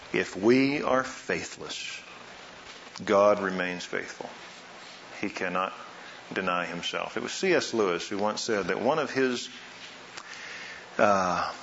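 A man preaching a sermon, asking rhetorical questions and swinging between soft and loud delivery. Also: fairly low pitch, slight background noise. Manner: dramatic swings in loudness and pace, rhetorical questions. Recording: roomy, slightly dull sound.

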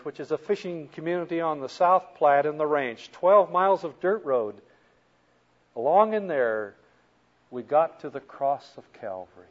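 High-voiced preacher on a dull old tape. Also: male voice. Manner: animated storyteller, swings from soft to loud. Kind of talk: storytelling sermon.

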